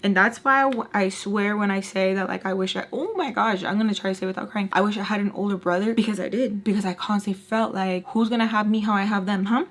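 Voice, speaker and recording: A young adult woman telling a personal story to her viewers, animated and emphatic, swearing freely. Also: medium pitch. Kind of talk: casual storytime.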